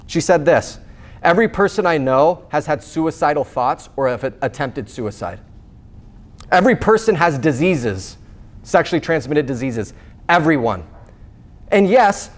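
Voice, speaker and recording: A man with a somewhat high-pitched voice speaks earnestly to a room of teenagers. He talks with emphasis, repeating key points. Now and then he acts out the lines of film characters as he retells a scene. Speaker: speaker at a high school chastity talk. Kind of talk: faith-based talk to teens.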